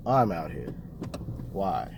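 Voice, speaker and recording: A man's voice: low voice, sing-song, slow pace, gravelly, heavy background noise. A man, chatting to viewers in a self-mocking way while fishing by a river in a snow storm. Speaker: fishing vlogger. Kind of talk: casual outdoor vlog talk.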